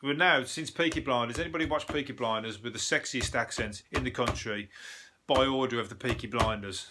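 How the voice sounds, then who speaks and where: This Birmingham-born comedian, with a Brummie accent and mid-range voice, speaks briskly as he hosts a show amid background noise. His monologue about news stories is rambling and sweary, and he laughs at his own jokes.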